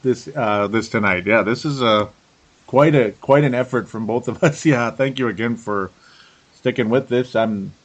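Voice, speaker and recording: A man's voice: mid-range voice, normal speed. Middle-aged guy hosting a sports podcast, beat tired, keeps laughing, repeats himself a lot. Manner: laughs often, repeats words, rambling. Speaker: podcast host. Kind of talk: casual sports podcast chat.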